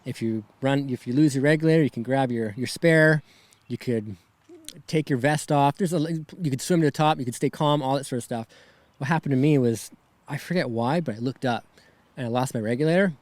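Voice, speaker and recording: A man's voice: mid-range voice, fairly quick, darkish tone, dry recording. Young guy on a podcast, shaky and almost crying, rambly, keeps saying "right?" and "man", dry close sound. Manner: rambling, filler-heavy, says "right?" and "man" often. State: shaken, near tears. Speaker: podcast guest. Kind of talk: emotional personal storytelling.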